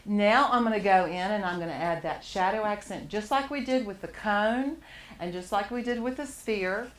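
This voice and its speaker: A woman's voice: mid-range voice, moderate pace. A woman teaching a live charcoal drawing class to students, encouraging them and laughing often as she works. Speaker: art teacher.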